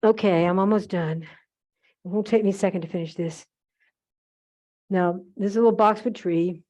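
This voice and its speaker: Demonstrating holiday decorating in a museum event room, an older woman chats her way through rambling stories with asides. Her mid-range voice is warm, her intonation fairly even, and she talks at normal speed. The archive recording is muffled.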